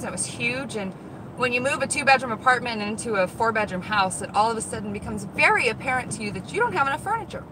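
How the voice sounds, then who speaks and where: Excitable high-voiced woman live-streaming outdoors. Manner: chatty and excitable, talks to viewers. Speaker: vlog host, dumpster diver. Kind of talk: casual live-stream chat. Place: outdoors around store lots and in a car. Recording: loud car and outdoor noise.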